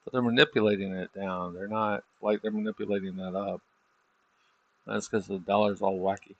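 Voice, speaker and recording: A man's voice: lowish voice, steady tone, moderate pace, lo-fi sound. A middle-aged man livestreaming his trading, talking casually in a rambling, self-deprecating way. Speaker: livestreaming trader.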